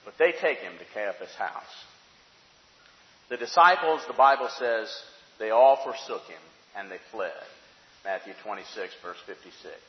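A man preaching a sermon, telling a story dramatically, dropping to hushed tones and rising to fervent peaks. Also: fairly low pitch, animated, moderate pace. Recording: echoey hall, dull sound.

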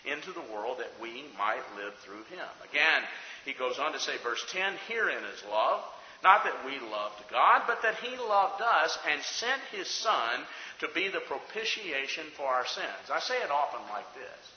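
A man preaching a sermon to his congregation, his delivery swinging between loud emphatic peaks and hushed low passages. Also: big pitch swings, measured pace, slight background noise. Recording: echoey hall, dull sound.

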